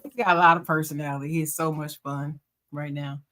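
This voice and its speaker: A woman's voice: deep voice, fairly even intonation, brisk, a bit bright. Chatty grandmother co-hosting a podcast. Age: older. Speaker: podcast co-host. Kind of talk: casual chat.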